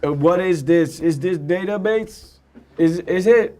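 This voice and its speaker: A man's voice: sits high, a little slow, a crowd in the background. Joking man playing a tabletop game. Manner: swears freely, laughs often. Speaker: player. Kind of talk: casual chat at a tabletop game.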